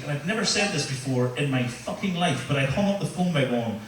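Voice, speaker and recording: A man's voice: a little high, animated, fairly quick, few pauses, recorded from a distance. Northern Irish man, stand-up comic, crude crowd banter, echoey club, noisy room. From Northern Ireland. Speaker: stand-up comedian. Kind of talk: live stand-up set. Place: comedy club stage. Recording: echoey venue, mic heard from afar, room noise.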